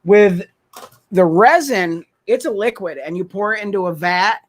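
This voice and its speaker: A man's voice: sits high, expressive, a little slow. A man co-hosting a casual video podcast who talks eagerly and rambles, restarting sentences as he explains things. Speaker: podcast co-host. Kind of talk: casual chat.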